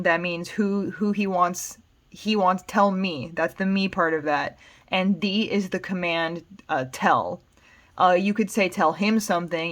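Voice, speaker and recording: Woman, American accent, Spanish teacher, patient plain explanations, slightly low voice. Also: a bit bright. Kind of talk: explaining song lyrics.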